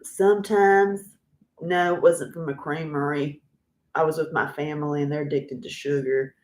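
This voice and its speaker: A woman in her fifties hosting a casual livestream, rambling and chatty and quick to laugh. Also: low-pitched, little pitch movement, darkish tone, echoey room. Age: 50s. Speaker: livestream host and author.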